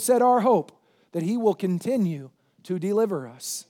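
High-pitched preacher guy, emphatic, keeps asking the crowd questions, goes loud then quiet. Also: animated, normal speed. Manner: swings between loud shouting and quieter intensity. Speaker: pastor. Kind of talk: sermon.

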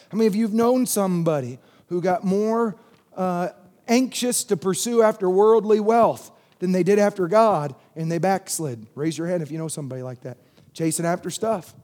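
A man's voice: high voice, darkish tone. A middle-aged man, a pastor, preaching a sermon and having the congregation repeat phrases back to him. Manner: call-and-response preaching, asks congregation to repeat.

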